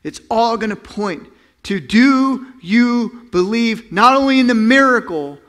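A man pastor preaching a sermon, telling the story with acted-out voices and sound effects, swinging between loud bursts and hushed tones. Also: extremely high pitch, expressive, measured pace.

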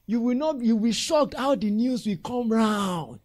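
Nigerian male pastor, high lively voice, dry close sound, animated mentoring sermon. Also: measured pace, no room sound. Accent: Nigerian English. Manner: animated, acts out church members' voices with laughter.

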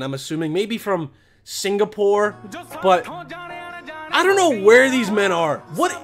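A man giving a sarcastic, profane reaction commentary, often tacking "okay?" onto his sentences. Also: high-pitched. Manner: repeats "okay?" and "all right?" often. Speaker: commentary vlogger.

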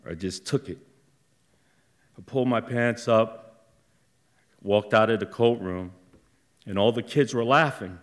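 Live on a theater stage, a lowish-voiced middle-aged man tells a story from his own life, speaking slowly and haltingly with flashes of intensity.

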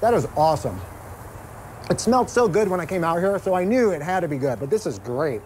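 Chatty male TV host, slightly high voice. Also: expressive, fast talker, a little mellow, slight background noise. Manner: chatty, talks with mouth full while tasting. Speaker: TV show host. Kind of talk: casual cooking segment chat.

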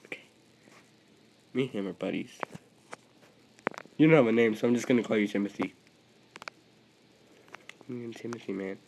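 A man commenting on his own gameplay as he plays, excitable, yelping at other players one moment and muttering to himself the next. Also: fairly low pitch, normal speed, vocal fry, pauses often, slight background noise, low-quality recording. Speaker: gaming video creator.

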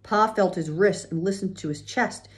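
A woman reading a children's chapter book aloud, gently pausing to show pictures. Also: medium pitch. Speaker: reader.

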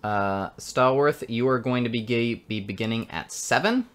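A man narrating as game master of a tabletop game, unhurried and often laughing. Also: medium pitch.

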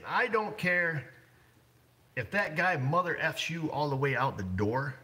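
A man's voice: mid-range voice, bright, forceful tone. A blunt man running a repair shop, chatting casually on a livestream and rambling with lots of fillers. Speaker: auto shop owner.

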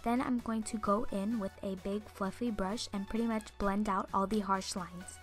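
A woman's voice: mid-range voice, steady tone, moderate pace. Teenage girl, beauty vlogger, morning voice, chatty and rambling, faint music behind. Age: teens. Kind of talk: casual makeup tutorial narration.

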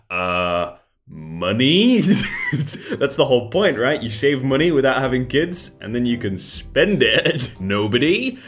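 A man in his thirties doing casual meme commentary, reading captions aloud, then joking and laughing often. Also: mid-range voice. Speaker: meme reaction host.

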